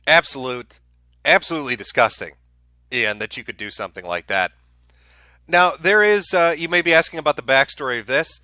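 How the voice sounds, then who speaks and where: A man's voice: mid-range voice, lively intonation, fairly quick, bright, forceful tone, no room sound. A man hosting a live stream, giving casual commentary in a sarcastic, profane, ranting way. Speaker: streamer host.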